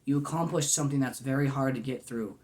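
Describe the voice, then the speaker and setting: A man's voice: medium pitch, quick pace, a little mellow. A man in his twenties talking to camera in a goofy yet earnest, rambling way, full of "man" and "you know". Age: 20s. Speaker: vlogger. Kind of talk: casual heartfelt monologue.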